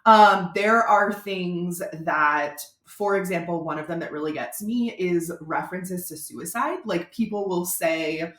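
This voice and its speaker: A woman's voice: lowish voice, unhurried, few pauses, fairly bright tone. A woman from Florida, a brand strategist giving a casual, chatty video tutorial to speakers. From Florida, USA. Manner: chatty, conversational, informal. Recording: roomy echo.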